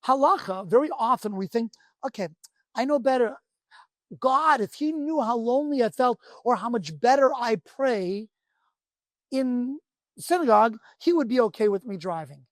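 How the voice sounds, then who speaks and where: A man who is a rabbi teaching a Torah class, telling a parable in an animated, conversational way. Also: very high-pitched, normal speed, dry recording. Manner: animated storyteller, emphatic and conversational.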